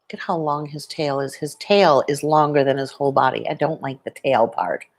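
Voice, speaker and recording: Low-voiced woman chatting about her pet. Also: moderate pace. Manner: chatty, talks softly to her pet lizard. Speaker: vlogger. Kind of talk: casual live-stream chat. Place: at home. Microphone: plugged-in microphone.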